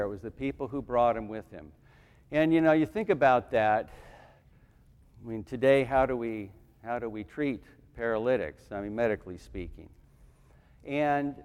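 A man's voice: mid-range voice, a little mellow. Man giving a homily in a reverberant hall. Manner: conversational, with restarts and asides. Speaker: deacon. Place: church.

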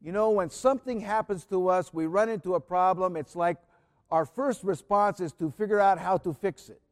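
A man preaching a sermon in an earnest way, repeating key phrases and often dropping to a soft, quiet voice. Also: high voice, normal speed, long reverb tail.

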